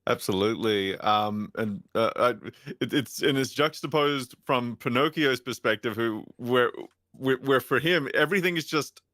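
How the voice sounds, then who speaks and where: A man talking casually about a film as a guest, amused, with halting restarts and bursts of laughter. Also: medium pitch, a bit bright, no room sound, studio quality. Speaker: podcast guest. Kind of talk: casual film review chat.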